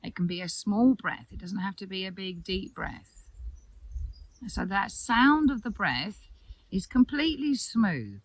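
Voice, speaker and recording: A woman, a yoga teacher giving soft, calm, reassuring breathing instruction with long pauses. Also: medium pitch, no echo.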